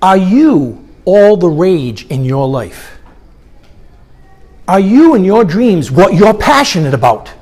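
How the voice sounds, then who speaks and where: A middle-aged man giving a live motivational talk with a guided meditation, questioning the audience as he goes. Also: high voice. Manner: animated, engages audience with questions. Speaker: motivational speaker. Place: conference hall.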